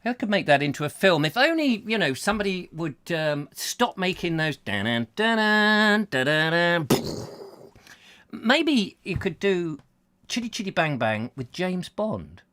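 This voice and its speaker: A man's voice: high-pitched, sing-song, normal speed, a bit bright. A man hosting a casual show, rambling and reading out comments, often breaking into silly songs and voices. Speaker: host.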